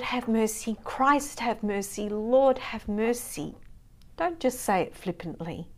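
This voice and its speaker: A woman leading a time of prayer in a fervent, prayerful way. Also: medium pitch. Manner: slow, fervent, prayerful delivery. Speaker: prayer leader. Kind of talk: leading prayer and reading intentions.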